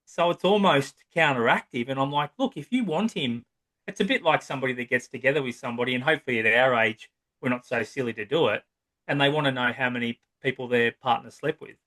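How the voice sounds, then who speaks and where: A man's voice: mid-range voice, fast talker, sharp tone. An Australian man talking as a psychotherapist guest on a podcast, speaking in a long-winded, casual way and often checking in with "right?". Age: 30s to 50s. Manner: long-winded, acts out quoted voices, frequent "right?".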